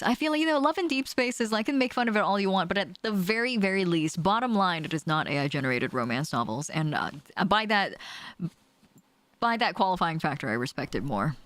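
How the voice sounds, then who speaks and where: A young woman chats with her stream audience, her voice low-pitched yet bouncing all over in lively swings. She laughs easily and swears casually. The sound is close and dry, from a desk microphone in a small closed room. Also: no room sound. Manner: animated, swears casually, laughs often, reads chat aloud. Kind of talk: casual chat with live chat while gaming.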